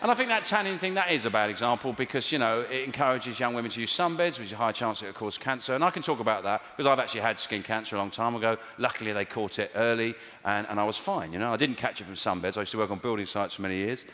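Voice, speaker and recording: A man's voice: lowish voice, fast, hardly any pauses, slight background noise. A man doing a wry, rambling stand-up routine on stage in a big theatre. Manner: wry, rambling, puts on silly voices. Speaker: stand-up comedian. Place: large theatre with an audience. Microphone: stage microphone. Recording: echoey live hall, loud audience laughter.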